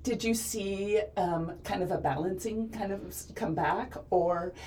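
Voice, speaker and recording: A woman's voice: mid-range voice, dark tone, slight background noise. A woman hosting a podcast interview, engaged and asking follow-up questions in a casual conversation. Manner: engaged, asks questions in quick follow-ups.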